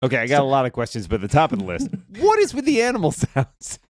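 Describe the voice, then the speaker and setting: A man's voice: a little high, wildly swooping pitch, fast talker, no room sound. A man joking around as a player in a tabletop game, asking wry questions. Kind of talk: casual tabletop play.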